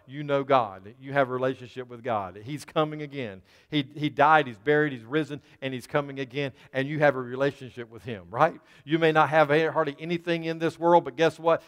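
A man's voice: on the high side, fairly even intonation, a little fast, few pauses, smooth. A man preaching a sermon as pastor to his congregation, building into fervent emphasis. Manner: preaching to a congregation, rising into fervor. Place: church sanctuary. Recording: long reverb of a large hall.

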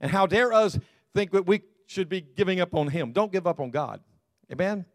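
A man's voice: sits high, normal speed, no room sound, studio quality. A man from the American South, preaching a conversational sermon as a pastor, repeating key phrases and adding light humor for the congregation.

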